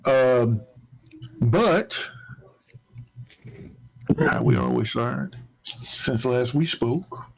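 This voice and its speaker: A man's voice: medium pitch, big pitch swings, very slow, vocal fry, pauses often, noisy background. A man hosting a casual talk show, speaking in a loose, rambling way with many fillers. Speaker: podcast host. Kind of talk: casual chat.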